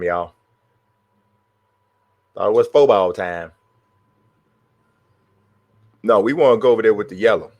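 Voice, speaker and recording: During live gameplay commentary, a man mutters to himself and trash-talks the game and his players while streaming. His voice is low and gravelly. The recording is dry and studio quality.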